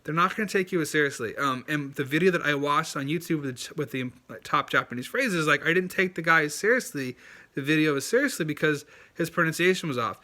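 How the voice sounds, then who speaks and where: A man's voice: fairly high pitch, fairly quick, bright, forceful tone. A man talking casually in a language-learning video, chatty and loose with lots of fillers, and earnest as he stresses his points. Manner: earnest and emphatic, repeating key points.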